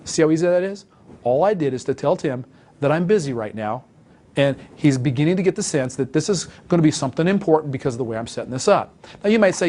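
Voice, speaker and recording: Fast-talking, emphatic male sales coach. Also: mid-range voice, lively intonation, darkish tone. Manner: emphatic, coaching, acts out phone calls. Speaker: sales trainer. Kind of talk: instructional talk.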